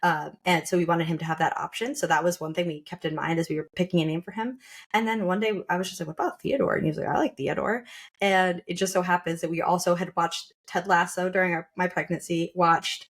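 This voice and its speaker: A woman's voice: on the low side, little pitch movement, quick pace. A young woman on a podcast, talking casually and reflectively about becoming a mother, often restarting her sentences. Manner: reflective, with frequent restarts and laughter. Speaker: podcast co-host sharing her birth story.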